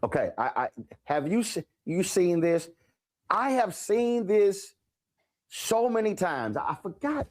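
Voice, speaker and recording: Brief: US male host, very expressive pitch, retells scenes with voices. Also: slow. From United States. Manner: animated storyteller, acts out remembered exchanges. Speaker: talk show host. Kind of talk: interview.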